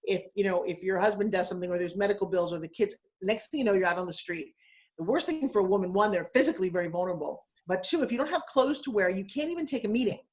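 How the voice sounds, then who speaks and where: Sixty-ish lady talking fast and blunt on a video call, really animated. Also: mid-range voice. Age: 60s. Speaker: guest. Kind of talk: live video interview.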